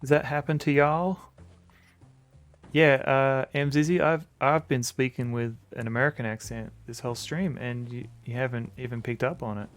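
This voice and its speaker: A man's voice: mid-range voice, steady tone, normal speed, soft background music. A man with an Australian accent chatting casually while streaming a game, rambling and self-deprecating.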